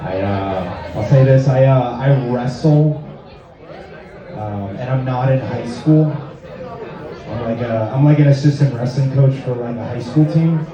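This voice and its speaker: A young man doing a stand-up set with a rambling, hesitant delivery full of filler words and awkward, deadpan asides. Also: mid-range voice, a little slow, crowd noise. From Lexington, Massachusetts. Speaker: stand-up comedian. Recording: echoey, dull sound from a distant mic.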